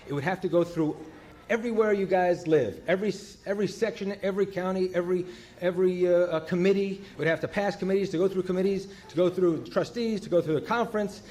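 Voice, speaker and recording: An older man telling his recovery story at a meeting, halting and full of fillers. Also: sits high, darkish tone, slight background noise. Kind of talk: personal recovery talk.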